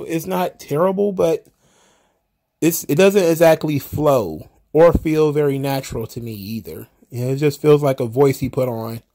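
A man's voice: fairly high pitch, darkish tone. A man hosting casual solo wrestling recap commentary, rambling and wry, often exasperated, with the odd swear.

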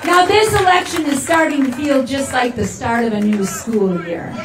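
A woman's voice: high voice, normal speed. A woman giving an impassioned rally speech and leading the crowd in chants. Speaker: political rally speaker. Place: large rally hall with crowd. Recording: echoey hall, crowd noise, mic from a distance. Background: cheering crowd.

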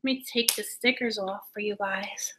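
A young woman hosting a casual live beauty giveaway stream, chatting excitedly with viewers, laughing often and trailing off mid-sentence. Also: medium pitch, normal speed, low-quality recording. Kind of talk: casual live-stream chat reading comments.

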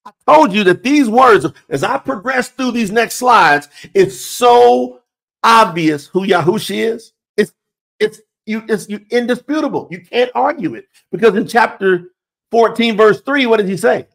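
A man with a high voice preaches slowly and deliberately. He reads scripture aloud, stops to stress key words, and puts pointed questions straight to his listeners. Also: animated, gravelly, fairly bright tone. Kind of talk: sermon.

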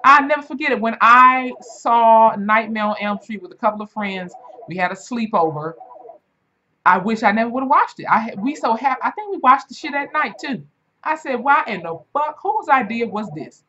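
A woman in her twenties hosting a reaction video, telling stories in a casual, animated and profane way. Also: moderate pace, dull audio, a little hiss or hum. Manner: animated, profane storytelling with big pitch swings.

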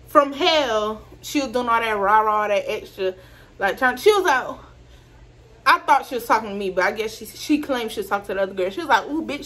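A woman, telling a casual, animated storytime full of swearing and laughter. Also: on the high side. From Georgia, US. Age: 20s. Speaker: vlogger.

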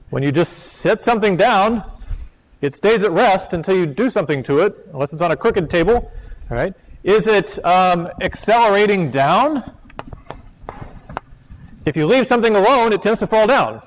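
A man giving a physics lecture in a chatty, joking way, with poor lecture hall audio. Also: high voice. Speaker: physics professor. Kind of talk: classroom lecture.

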